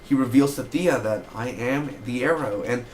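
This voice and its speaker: Man, casual TV episode review, excitable, rambling, fillers, mid pitch, faint background hiss. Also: normal speed.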